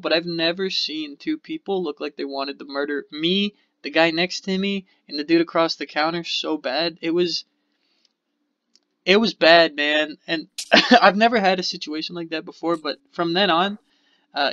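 A man's voice: a little high, moderate pace, a bit bright, dry recording. A man co-hosting a casual podcast, telling a story in a rambling, profane way and acting out the people in it. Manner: rambling, profane, acts out quotes. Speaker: podcast co-host. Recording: dull lo-fi podcast audio.

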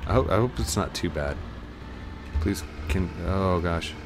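A man with the sniffles giving casual let's-play commentary at home. He is excitable and bursts into laughter and high yelps. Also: a little slow, background noise. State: sniffly, stuffy nose. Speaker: gaming YouTuber.

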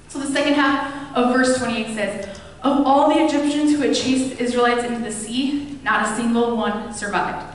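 A woman pastor preaches in a relaxed, storytelling way, slipping into casual voices as she retells scripture. Her voice sits a little high. It rings out through a big, reverberant church hall, picked up from a distance. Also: slight background noise. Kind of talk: sermon. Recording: echoey hall, mic at a distance.

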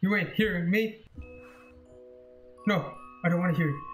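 A young man reacts to a horror game with jumpy, profane commentary. His voice sits on the high side and leaps into frightened yells. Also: moderate pace, soft background music. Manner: jumpy, swearing, yelling in fright. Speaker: gaming video creator.

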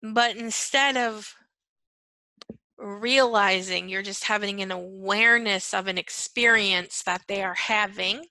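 A woman's voice: medium pitch, fairly even intonation, slow pace, bright, forceful tone, dry recording, low-quality recording. A woman teaching on empathy in an earnest monologue, repeating key phrases and checking in with "right?" and "okay". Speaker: empath coach.

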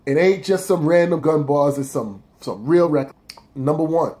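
Fairly high in pitch and mellow, a man speaks at a moderate pace while ranking his top rap battles of the year on his personal blog. He talks loosely and curses a lot, rambling in a profane street manner.

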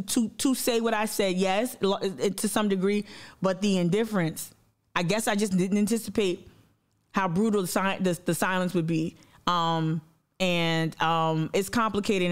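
A woman hosting a livestream, giving a blunt, impassioned monologue full of profanity and repetition, speaking straight to her audience. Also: mid-range voice. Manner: addresses the audience directly and reads viewer comments aloud. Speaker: livestream host.

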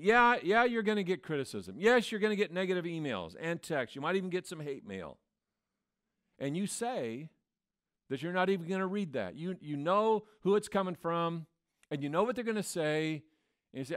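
A man's voice: on the high side, fairly bright tone. A man preaching a sermon as pastor, in a conversational way that acts out the voices he quotes. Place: church.

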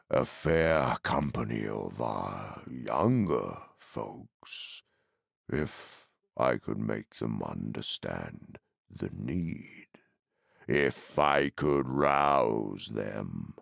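A man reading an audiobook, voicing an ancient, slow-spoken male tree giant in a deep, creaky rumble. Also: fairly bright tone, no echo, clean studio sound, exaggerated voice. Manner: slow, ponderous, sorrowful.

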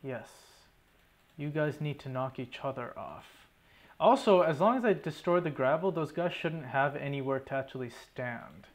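A man's voice: on the high side, animated, moderate pace. A young man giving running commentary over his own gameplay, swearing often and talking to himself in exasperation. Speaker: gaming YouTuber.

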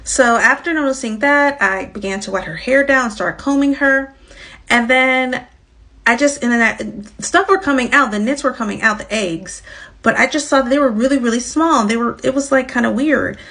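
A woman who works as a lice technician, recounting a work story in a casual, halting way, full of "like" and restarts. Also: fairly high pitch, pushed and bright.

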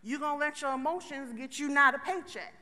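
A woman's voice: high-pitched, brisk, sharp tone. A woman giving a chatty, joking motivational talk to a live conference audience, speaking straight to the crowd. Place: large conference hall. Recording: long reverb of a large hall.

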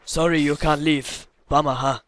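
A man's voice: fairly high pitch, fairly even intonation, moderate pace, background noise. An English man hosting a let's play, chatting casually and teasing his co-player. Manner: joking, teasing banter. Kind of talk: casual gameplay chat.

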